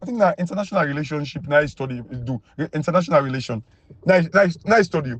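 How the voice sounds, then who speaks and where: A Sierra Leonean man speaking in Krio-accented English, giving a mocking, emphatic political rant that keeps jumping high when he is incredulous. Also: expressive, fast, no echo. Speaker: political commentator.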